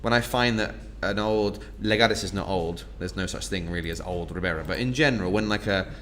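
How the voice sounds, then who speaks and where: A man's voice: low-pitched, brisk, a bit bright, slight background noise. A man hosting an online wine tasting, chatting casually and laughing often at his own jokes.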